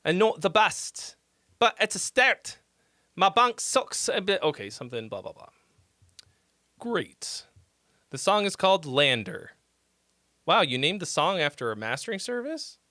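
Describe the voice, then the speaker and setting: A man chats his way through a music-feedback livestream with a slightly high, bright voice. He talks slowly, laughs easily and swears under his breath as he mutters to himself. The sound is close and dry. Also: big pitch swings, dry recording. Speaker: livestream host giving song feedback. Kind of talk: casual livestream chat.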